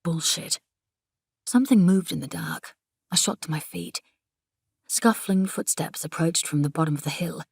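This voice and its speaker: A woman narrates a novel in a measured, intimate first-person reading. Her low voice carries a gravelly grain, close-miked in a dry studio. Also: a little mellow, no room sound. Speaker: audiobook narrator.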